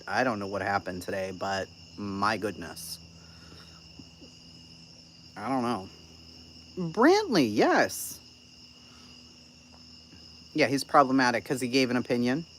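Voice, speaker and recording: A woman's voice: rumbling low, sing-song, slow, pauses often, slight background noise, rough recording. A woman chatting casually on a live stream. She is blunt and profane, swears freely, and tells a sarcastic story about an argument.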